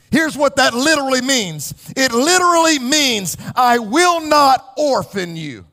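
Male pastor, very high voice, passionate church sermon with shouting and singsong cadence. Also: expressive, a little slow, few pauses. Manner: impassioned preaching, rising to shouts and sung cadences. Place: church sanctuary.

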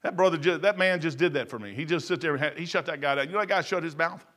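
A middle-aged man preaching a sermon in a folksy, emphatic way, swinging from loud to low. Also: fast talker.

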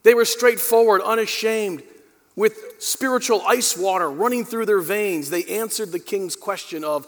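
A male pastor delivering a dynamic sermon, addressing the congregation directly and swinging from quiet, low passages to emphatic peaks. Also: moderate pace. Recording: long hall reverb.

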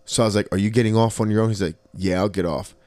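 A man's voice: lowish voice, racing, dry recording. A man co-hosting a casual podcast, telling a profane story and acting out the people in it. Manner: animated storyteller, acts out quotes, swears freely. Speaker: podcast co-host.

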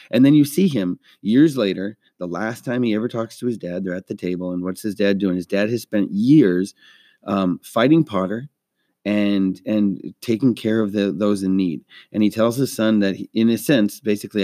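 Casting note: male podcast host, casual and earnest, rambling, low-pitched, dry close sound. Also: brisk, mellow, dry recording. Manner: rambling, earnest, many restarts. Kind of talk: casual faith-based movie talk.

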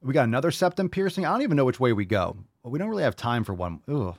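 Male podcast host, mid-range voice, dry close sound. Blunt, profane, mocking, animated. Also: medium pitch, very fast, breathy edge, no room sound. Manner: animated, rhetorical questions.

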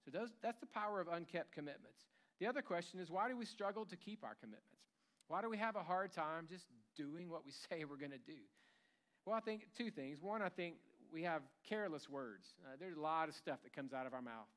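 A man's voice: on the high side, animated, fairly quick, fairly bright tone. A man preaching a sermon in a church, conversational and humorous, acting out bits of everyday dialogue. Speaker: pastor.

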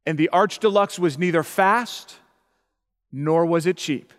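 A man's voice: a little high, a little slow. A middle-aged man preaching as a pastor, who often checks in with his listeners and repeats his points. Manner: repeats himself, asks the audience "okay?". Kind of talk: sermon. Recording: long hall reverb.

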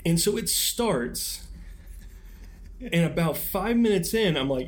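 A man's voice: on the high side, animated, slow, long pauses. A young man co-hosting a film podcast in casual chat, rambling with lots of fillers and restarts and laughing often. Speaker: podcast co-host.

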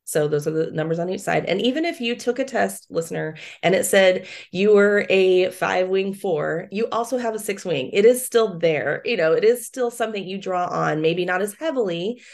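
A woman's voice: medium pitch, normal speed, gravelly, few pauses, darkish tone. A middle-aged woman hosting a podcast, affirming her guest and explaining ideas plainly. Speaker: podcast host. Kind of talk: casual podcast chat.

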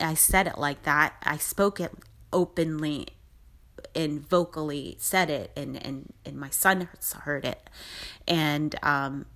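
A woman's voice: low-pitched, a little slow, a bit bright. A middle-aged woman hosting a podcast, telling a personal story in a chatty, rambling, upbeat motivational way. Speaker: podcast host. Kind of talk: casual storytelling monologue.

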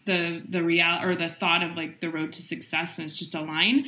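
A woman's voice: lowish voice, reverberant, slight background noise. A middle-aged woman entrepreneur, a guest in a casual interview, talking energetically with lots of "like" fillers. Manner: energetic, quick, heavy use of "like" fillers.

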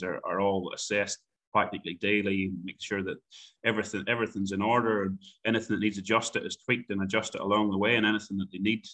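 A young man with an Irish accent talks about his work on a horse stud. His voice sits fairly low but sounds bright and forward. He speaks haltingly, repeating words and filling gaps with ums. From Ireland. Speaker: stud farm manager. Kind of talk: phone interview chat.

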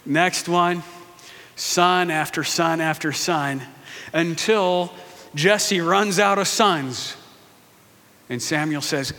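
A man preaching a sermon, retelling a story with lively asides and playful voices for its characters. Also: sits high, unhurried. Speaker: pastor. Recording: long hall reverb.

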